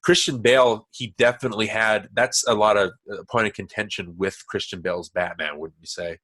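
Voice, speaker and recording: A man's voice: lowish voice, fairly even intonation, a little fast, fairly bright tone. A man hosting a podcast in a casual, chatty way, talking in loose, digressive sentences full of restarts. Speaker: podcast host.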